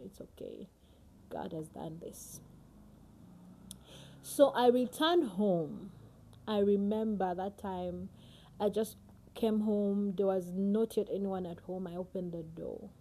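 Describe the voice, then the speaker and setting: A woman giving a personal devotional Bible teaching, earnest and emotional, often sinking to a hushed near-whisper. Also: mid-range voice.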